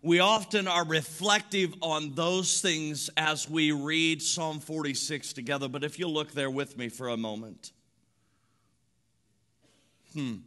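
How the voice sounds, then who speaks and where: A man preaching a sermon as pastor, using rhythmic repeated phrases and building from quiet reflection to loud emphatic preaching. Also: a little high, steady tone, measured pace.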